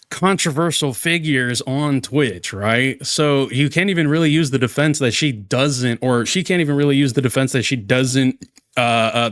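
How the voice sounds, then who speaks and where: A man's voice: medium pitch, no echo, clean studio sound. A man giving exasperated reaction commentary on a streamer, ranting with many restarts.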